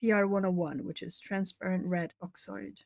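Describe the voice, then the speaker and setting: A woman's voice: fairly low pitch, fairly even intonation, normal speed, vocal fry, darkish tone, dry recording. A woman from Brazil chatting casually on a live art stream, laughing often and answering viewers' comments as she colours. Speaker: artist streamer.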